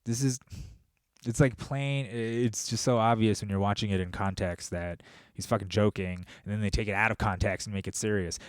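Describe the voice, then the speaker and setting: A man with a lowish voice delivers a loose, rambling podcast monologue, full of swearing and quick shifts into animated storytelling. The sound is close and dry, with no room around it. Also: clear, resonant tone, no echo. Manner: profane, rambling, animated storytelling with laughs and impressions. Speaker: podcast host. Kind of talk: casual monologue.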